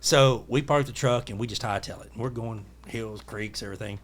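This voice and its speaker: A man, a podcast guest telling a hunting story in a lively, acted-out way. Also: on the low side, a little fast, slight background noise. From Tennessee. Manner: lively storyteller who acts out his own quotes.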